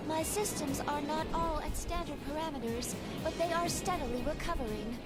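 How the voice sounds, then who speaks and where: A woman's voice: high voice, normal speed, lightly acted. A woman voicing a female android in a game who speaks formally and precisely, earnest and resolved. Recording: voice over loud game music.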